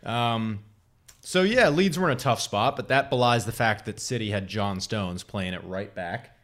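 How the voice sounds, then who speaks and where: A young man with a lowish voice co-hosts a laid-back sports chat. He tells stories with a joking edge and laughs often as he talks. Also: moderate pace, a bit bright. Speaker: podcast co-host.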